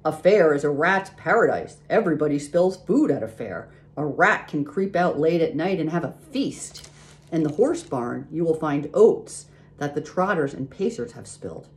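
A sly, worldly old sheep in a storybook, talking up a tempting picture and savoring each item, played by a woman. The voice is a touch louder and brighter than a plain reading. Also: low-pitched, expressive, normal speed. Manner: tempting, relishing lists.

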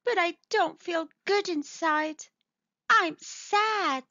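A tiny young mole boy in a storybook, as a woman reader puts him on, crying out in a high, eager, childlike voice. His pitch jumps well above the reader's own voice, and the sound is dull and dry. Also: slow, pushed and bright, dry recording, heavily acted. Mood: sad. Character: small young boy mole, sad then wondering.

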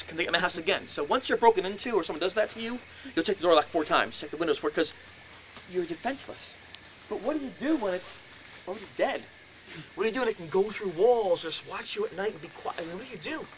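A man in his fifties telling a ghost story to an audience, acting out his own voice with shouts and laughs. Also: high voice, lively intonation, fast talker. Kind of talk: animated storytelling lecture. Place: lecture in a house. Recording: noisy room recording.

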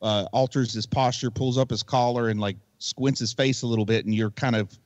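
Co-hosting a podcast, a man casually picks apart a movie, rambling and critical. He talks fairly quickly at medium pitch with a steady tone, and there's no echo.

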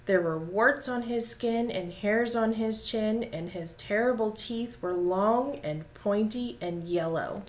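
Woman reading a storybook aloud, expressive. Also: on the low side. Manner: expressive, slowing for dramatic details.

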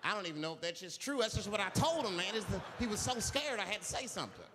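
A man performing stand-up comedy on a theater stage, telling a story in an animated way and acting out the voices of the people in it. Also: sits high, quick pace. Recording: live theater with long reverb and audience noise. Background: audience laughter.

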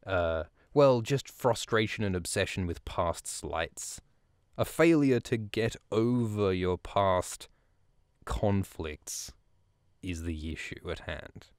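A man with a low, smooth, resonant voice recaps a book chapter for his podcast. He rambles through it casually, swearing freely and tossing in jokey asides. The recording is close and dry. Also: darkish tone, no room sound. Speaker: podcast host.

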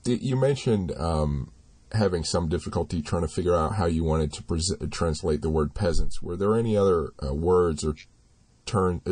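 A man with a very low, dark, husky voice asks halting questions full of fillers. The recording is dry and close, with no room sound. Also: no echo. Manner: brief questions with fillers, many short acknowledgements. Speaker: interviewer host. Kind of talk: conversational interview.

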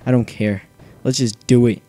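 A young man commenting on his own video game play, nervous and self-mocking, breaking into shouts. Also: medium pitch, steady tone, normal speed, faint music behind. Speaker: gaming channel host. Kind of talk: excited let's play commentary.

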